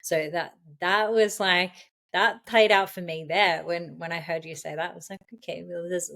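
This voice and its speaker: A woman's voice: on the low side, fairly even intonation, moderate pace, creaky, fairly bright tone. A woman guest on a podcast, a fertility coach, speaking in casual conversation and affirming and encouraging the host. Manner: encouraging, affirming, laughs often.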